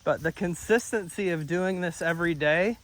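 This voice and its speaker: A man working as a dog trainer, coaching an owner outdoors in an upbeat way, laughing often. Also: normal speed. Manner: upbeat, laughs often, breaks into high excited praise for the dogs. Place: outdoors near a pond.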